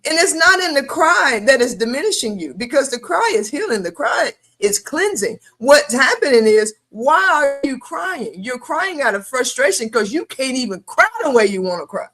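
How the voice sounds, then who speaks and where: A woman with a fairly high voice co-hosts a late-night talk stream. She lectures in an emphatic, profane, preachy motivational way, building each point to a punch. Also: big pitch swings, moderate pace, hardly any pauses, a bit bright. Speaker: podcast co-host. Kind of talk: casual chat. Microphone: remote stream.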